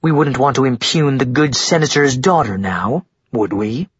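A man's voice: medium pitch, expressive, breathy edge, no echo, muffled recording. A man voicing a cocky, relentless male lawyer who reels off charges smugly. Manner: smug, brisk and raised.

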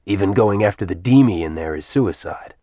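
A man voicing a tired, blunt former god in a low, plain voice. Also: animated, brisk, warm tone, no room sound. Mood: weary. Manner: dry, weary, blunt. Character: weary ancient male ex-god, gruff.

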